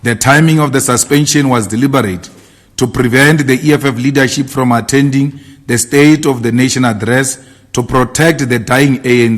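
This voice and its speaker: A man delivering a formal political statement in a declamatory, repetitive rallying cadence. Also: medium pitch. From South Africa. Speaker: party leader giving a statement.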